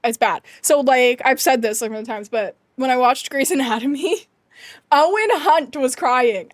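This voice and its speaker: High-voiced chatty woman streamer. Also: measured pace, dry recording. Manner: chatty, animated, laughs often, emphatic rants. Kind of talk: casual chat to live chat.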